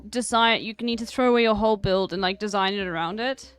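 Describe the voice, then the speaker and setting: A woman's voice: mid-range voice, fast talker, smooth, dry recording, soft background music. A woman streaming a game, chatting casually and thinking aloud as she plays. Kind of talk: casual gaming commentary.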